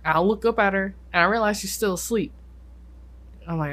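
A young adult podcast co-host tells stories in a casual chat, filling them with "likes" and sudden quick bursts. The voice is medium-pitched and a bit bright.

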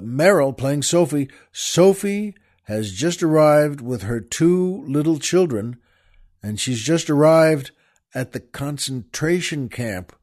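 A man's voice: on the high side, darkish tone. A man hosting a radio talk show, retelling a film scene in a folksy, emphatic way and repeating himself as he gets carried away.

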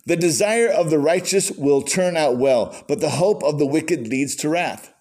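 A man preaching a sermon as pastor, folksy and animated, with conversational asides. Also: a little high, measured pace.

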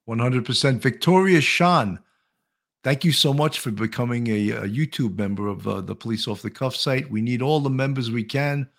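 A man's voice: mid-range voice, moderate pace, vocal fry. An older man with a New York accent, a retired police officer hosting a talk show in a rambling, chatty way. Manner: rambling, with many restarts. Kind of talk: casual talk show chat.

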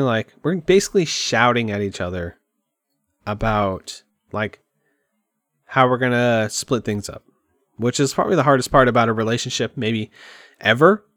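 A man's voice: medium pitch, a bit bright, no room sound. Candid, rambling man in a dry room. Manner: rambling, open and emotional, with many restarts. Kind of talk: candid personal monologue. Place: at home by his computer.

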